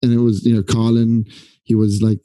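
A man hosting a casual podcast conversation, searching for words in halting phrases full of fillers. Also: on the low side, level tone, dark tone, no room sound, low-quality recording.

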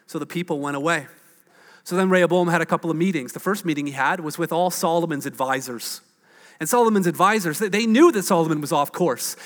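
A man preaching a sermon, telling a story with animated, acted-out quotes. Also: a little high, fast, big-room sound. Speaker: pastor.

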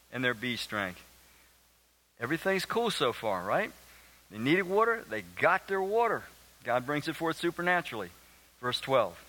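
A man with a fairly high, bright, pushed voice preaches a sermon on a low-quality recording. He reads scripture aloud and earnestly, emphatically quizzes his congregation with questions.

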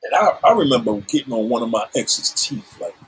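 Middle-aged man, very husky, animated confessional storytelling with swearing. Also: medium pitch, brisk, low-quality recording. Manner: animated, swears freely, acts out quoted lines. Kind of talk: candid personal storytelling.

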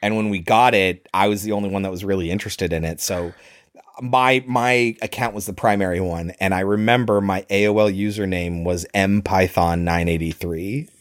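A man in his thirties co-hosting a movie podcast, animated and sarcastic, swearing often in casual chat. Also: deep voice, moderate pace. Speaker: podcast co-host.

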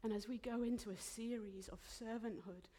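A woman preaching a sermon in a church, heartfelt and emotional, dropping into soft whispered asides. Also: on the high side, fairly even intonation, normal speed.

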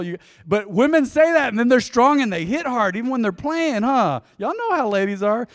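A middle-aged man preaching in a church, his fairly high voice swelling to loud emphasis and then dropping to near whispers. He talks to the congregation in a folksy, direct way. Long reverb trails off each phrase in the big sanctuary. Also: moderate pace, hardly any pauses. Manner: animated, swings between loud emphasis and quiet intensity. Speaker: pastor. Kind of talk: sermon.

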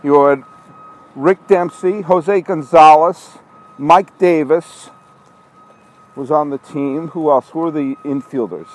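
Speaking slowly in a slightly high voice, a man hosts a walking monologue podcast on poor audio. It's night in an outdoor parking lot, and he rambles in exasperation, scolding himself as a truck backs up amid the street noise.

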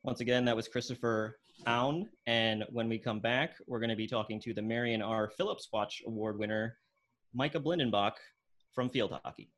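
A man's voice: medium pitch, moderate pace, fairly bright tone. A man hosting a casual interview show, asking friendly, rambling questions. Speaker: show host.

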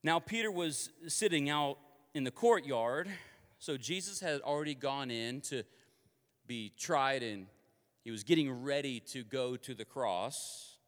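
A man from Kansas preaches a sermon in a lively, conversational, confessional style, his voice carrying a long hall reverb. He speaks in a mid-range voice, a little slowly.

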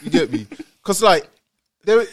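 A man's voice: high-pitched, lively intonation, a little slow, no room sound, studio quality. A man in casual chat, reacting to a story, joking and laughing.

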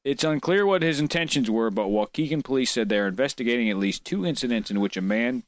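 A man's voice: medium pitch, expressive, fast, no echo. A man co-hosting a crude, casual chat podcast, joking bawdily, giggling and reading out news stories. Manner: bawdy, giggly, reads news stories aloud. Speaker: podcast co-host.

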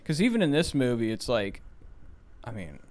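A man's voice: mid-range voice, very animated, moderate pace, a little mellow. A man co-hosting a movie podcast, giving blunt, profane, rambling opinions in casual chat. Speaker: podcast co-host.

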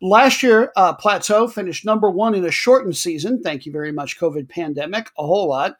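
Podcast host, male, higher register, wry chatty delivery for soccer rundowns. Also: a little fast. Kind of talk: casual football commentary.

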